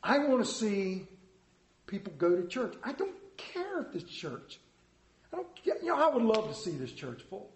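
A man preaching a sermon, telling a folksy story in an animated, storytelling way. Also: high-pitched, moderate pace, reverberant. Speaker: pastor.

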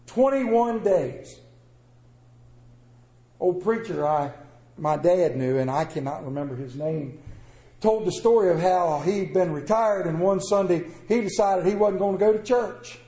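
A man's voice: high-pitched, warm tone, roomy sound, poor audio. A man preaching a sermon in a folksy, conversational way, slipping into quoted asides and everyday examples.

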